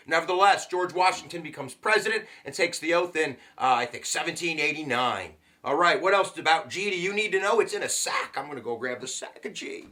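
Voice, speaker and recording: Male history teacher, high bright voice, playful and slangy delivery. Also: brisk. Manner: jokey, slangy and animated, with sudden asides. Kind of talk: casual history lesson.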